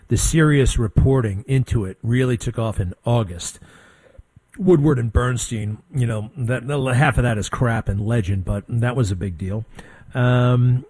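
A middle-aged man hosting a radio talk show, blunt and sarcastic, mocking people with quick impressions. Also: medium pitch, darkish tone, dry recording. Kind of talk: opinionated talk radio monologue.

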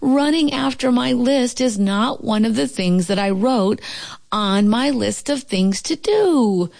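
A woman's voice: mid-range voice, lively intonation, normal speed, no room sound, clean studio sound, natural voice. A woman reading a storybook aloud and voicing a fussy, anxious male toad who whines when things go wrong. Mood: wailing. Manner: whiny, easily flustered.

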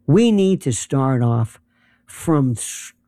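Man, political commentator, sardonic, rambling, gravelly voice, dry sound. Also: medium pitch, expressive, slow, warm tone, no room sound. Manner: sardonic, rambling, rattles off lists. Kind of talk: monologue commentary.

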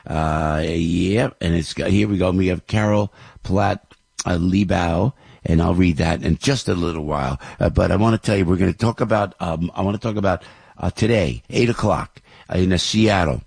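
A man's voice: sits low, normal speed, vocal fry, darkish tone, husky, dry recording, clean studio sound. An older man hosting talk radio, rambling through news headlines with opinions, many fillers and restarts. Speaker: radio show host.

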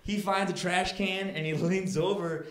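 A man doing stand-up comedy, telling a story and shouting his punchlines. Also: high-pitched, steady tone, a little slow. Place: comedy club with live audience. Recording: echoey club, crowd laughing.

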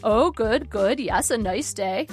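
A woman voicing an older father who talks in a halting, muddled way and repeats words. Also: high-pitched, expressive, faint music behind. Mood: cheerful.

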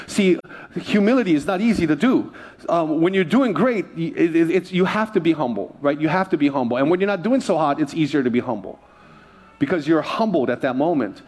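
A male pastor delivers a sermon in a church, his voice sitting a little higher than most men's. He talks in a loose, conversational way, joking with the congregation between his points. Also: a little mellow.

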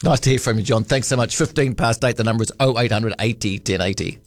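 A man's voice: mid-range voice, fast talker, background noise. A middle-aged man with a New Zealand accent hosting radio talkback, teasing a caller and talking over him. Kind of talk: casual talkback chat.

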